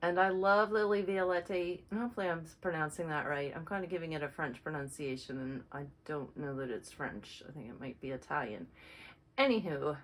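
A woman's voice: sits low, brisk, fairly bright tone, low-quality recording. A woman hosting a casual show-and-tell video, chatting in a rambling way and correcting herself as she goes. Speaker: flosstube host.

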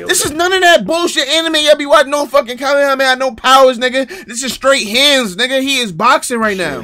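A man hosting a live reaction stream, excitable and profane, bantering with his chat. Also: very high voice, fairly quick, few pauses.

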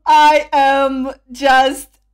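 A woman's voice: high-pitched, little pitch movement, extremely slow. A woman hosting a fan reaction video, gushing and laughing while saying she is losing her voice. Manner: gushing, squealing, laughing often. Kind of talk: excited fan reaction vlog. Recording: concert music and crowd playing loudly behind. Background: fancam concert audio with music and crowd.

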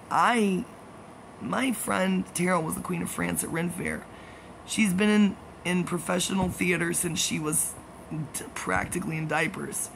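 A man talks in a loose, wandering monologue, trading jokey gossip and side remarks. His voice sits a bit high and has a gravelly, fried edge. A steady air-conditioning hum runs clearly underneath. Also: poor audio. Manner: meandering, jokey, gossipy asides with frequent laughs. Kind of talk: rambling casual monologue.

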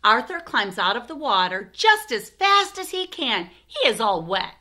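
A woman reading a picture book aloud for children, expressive, with asides to her listeners. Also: a little high, measured pace. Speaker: storytime reader.

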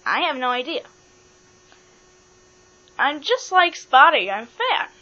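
A chubby love frog toy, voiced by a woman, bright and lively, musing in drawn-out phrases. The sound is dull and lo-fi with mains hum. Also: high voice, heavily acted.

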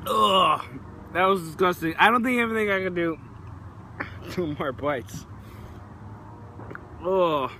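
Bright-voiced guy groaning through raw onion. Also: high-pitched, expressive, slow pace, pauses often, slight background noise. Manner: groaning and gagging while eating raw onion. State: mouth burning, teary and sweating. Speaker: vlogger. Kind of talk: casual vlog. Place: outdoors in hot weather.

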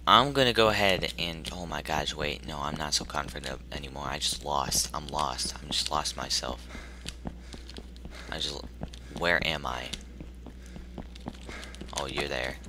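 A man commenting nervously on a horror game he plays, jumpy and talking to himself, with sudden loud outbursts. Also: very deep voice, noisy background. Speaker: gaming YouTuber.

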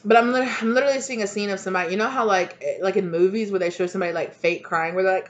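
A woman's voice: medium pitch, fairly even intonation, quick pace, few pauses, highs cut off. A woman doing a casual tarot reading for her channel, chatty and blunt and full of fillers. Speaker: tarot reader.

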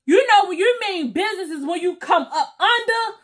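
Woman, young adult, high-pitched, very animated, storytime vlogger, slangy, acts out quotes. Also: normal speed. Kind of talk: casual storytelling.

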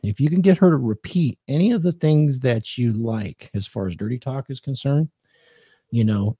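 A man's voice: medium pitch, moderate pace, mellow, breathy edge, dry recording, clean studio sound. A man hosting a podcast, giving dating advice in casual chat and acting out quoted lines in a commanding tone.

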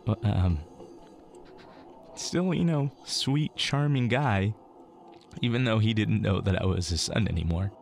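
A man's voice: fairly low pitch, unhurried, vocal fry, long pauses. A man, a comedian, telling a personal story casually in an interview, acting out the other people's lines in his story.

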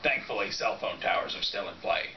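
A man playing a sulky priest figure in a homemade comedy skit, answering with deadpan, defensive comebacks. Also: fairly low pitch, fairly quick, a little hiss or hum, lightly acted. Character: sulky male clone priest who plays dumb. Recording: echoey, distant, muffled home camera.

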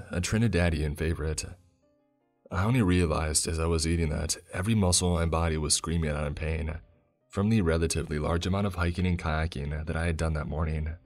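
A man reading a first-person horror story as scripted narration, in a steady, measured storytelling manner. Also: extremely low pitch.

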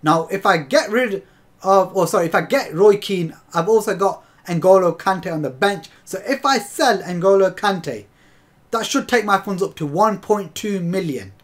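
A man's voice: sits high, expressive, unhurried. A young man giving casual commentary while opening game packs, chatty and exasperated, laughing through his disappointment. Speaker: gaming video host.

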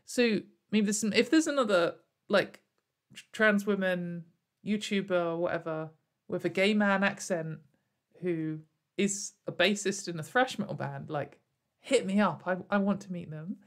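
A woman's voice: fairly low pitch, a little slow. A young woman YouTuber talking sarcastically to camera in a casual commentary, rambling with many fillers and frequent laughs. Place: at home in front of a camera.

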